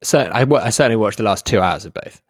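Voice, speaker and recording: A young man co-hosting a podcast from home, talking in a halting way with many restarts and easy laughter. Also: lowish voice, lively intonation, dry recording, clean studio sound. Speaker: podcast co-host. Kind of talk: casual chat. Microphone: home microphone.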